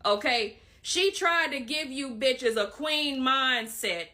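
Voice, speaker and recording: A woman's voice: high-pitched, animated, slow, bright, forceful tone. A woman, delivering a blunt, profane, scolding online rant.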